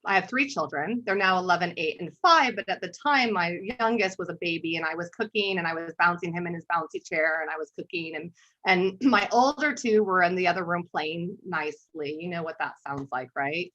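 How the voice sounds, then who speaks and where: Woman presenter, lowish voice, dull webinar audio. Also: brisk, bright, forceful tone. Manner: conversational, often clears her throat. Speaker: art therapist and workshop presenter. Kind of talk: conversational webinar talk with storytelling.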